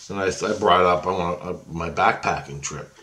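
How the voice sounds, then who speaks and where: Deep-voiced middle-aged man rambling casually. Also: moderate pace, sharp tone. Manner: rambling, chatty, peppered with slang and swearing. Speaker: storyteller recounting a past experience.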